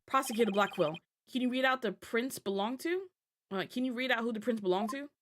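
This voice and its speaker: A woman voicing a cool, smug male prosecutor who speaks in a measured, accusing way, over game music. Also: fairly high pitch, natural voice.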